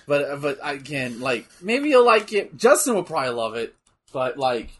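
A man chatting casually and reacting loudly to a wrestling match, laughing often. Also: mid-range voice, moderate pace, slightly rough. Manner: animated, laughs often, bursts into shouting. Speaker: co-host watching wrestling.

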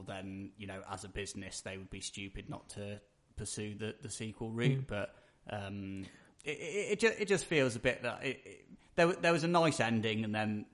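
Hesitant low-voiced man on a podcast. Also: fairly bright tone. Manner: hesitant, stumbles and repeats words. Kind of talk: casual podcast chat.

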